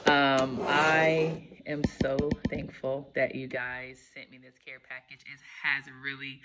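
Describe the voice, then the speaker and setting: A woman's voice: rumbling low, level tone, slow pace, heavy background noise. A woman teacher vlogging casually as she unboxes a package, effusive and gushing, often gasping with delight. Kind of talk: casual unboxing vlog chat.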